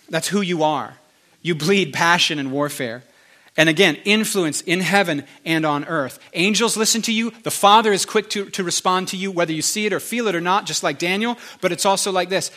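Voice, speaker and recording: A man's voice: fairly high pitch, bright, forceful tone. Earnest man praying prophetic words. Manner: earnest, repetitive, halting restarts. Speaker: prophetic minister. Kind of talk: spoken prophetic prayer ministry.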